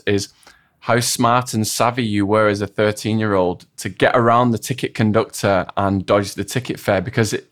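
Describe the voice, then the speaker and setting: A man hosting a podcast, asking questions and reflecting earnestly. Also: medium pitch. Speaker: podcast host. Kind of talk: interview and reflective monologue. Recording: music bed under voice.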